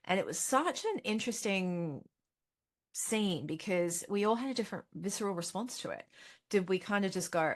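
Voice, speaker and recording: A woman with an expressive voice speaks at normal speed, presenting a casual webinar on money as a financial educator and host. Chatty and self-correcting, she often slips into playful inner-voice quotes marked by sudden high pitch jumps, along with soft laughs.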